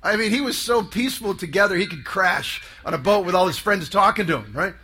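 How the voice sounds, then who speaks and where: High, bright-voiced male preacher. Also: animated, brisk, a little hiss or hum. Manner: emphatic, call-and-response with the audience. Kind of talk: sermon.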